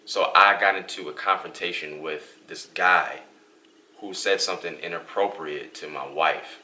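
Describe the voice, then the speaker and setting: A young man from Western New York, host of a couple's vlog, tells a story casually and with animation, acting out the lines of the people in it. His voice sits very low yet has a bright, forward tone, and he speaks a little slowly.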